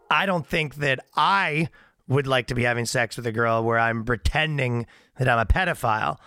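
Bright-voiced rambling man telling a story. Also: mid-range voice. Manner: rambling, halting, laughs at his own story. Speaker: comedian guest. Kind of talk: casual storytelling on a podcast.

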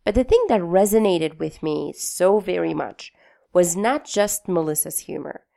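A woman's voice: on the low side, gravelly, dark tone. A woman from Afghanistan hosting a podcast, introducing the episode in a chatty, enthusiastic, folksy way. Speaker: podcast host.

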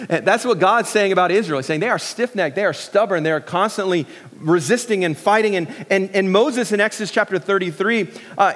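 A middle-aged pastor preaching a sermon in a relaxed, joking way, with many restarts and fillers. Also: male voice, sits high, long reverb tail.

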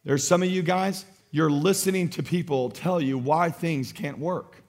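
Male pastor, high voice, passionate sermon delivery that moves from loud to hushed. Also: a little slow.

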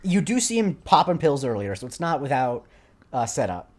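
A young man with a mid-range, darkish, sing-song voice co-hosts a podcast at a normal pace. The chat is casual and rambling, with many fillers and restarts.

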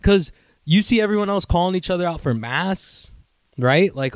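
A young man hosting his own podcast, ranting in a profane, rambling, self-mocking way and sometimes doing mocking high voices. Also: fairly quick, clean tone, no room sound, clean studio sound. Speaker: podcast host. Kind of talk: casual solo podcast rant.

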